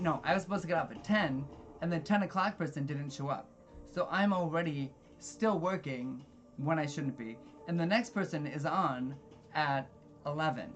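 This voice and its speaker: A gamer telling a long story while playing, rambling and exasperated, swearing freely. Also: medium pitch. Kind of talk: casual storytelling with gameplay.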